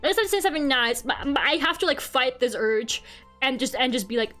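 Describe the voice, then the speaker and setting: A young woman with a high voice chats to her stream chat, self-mocking and quick to laugh. Quiet music plays faintly behind her. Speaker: VTuber streamer.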